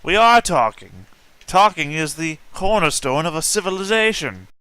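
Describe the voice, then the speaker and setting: A man's voice: fairly high pitch, sing-song, normal speed, bright, forceful tone, smooth, no room sound. A man playing a character in a tabletop game, talking in a formal and persuasive way. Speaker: player.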